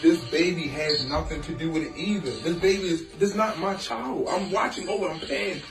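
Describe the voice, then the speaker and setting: A man's voice: fairly high pitch, moderate pace. Pleading man, distant and echoey. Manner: pleading, repeats himself, voice strained. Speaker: distressed father on a phone call. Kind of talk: emotional phone call. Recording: roomy distant recording with music over it.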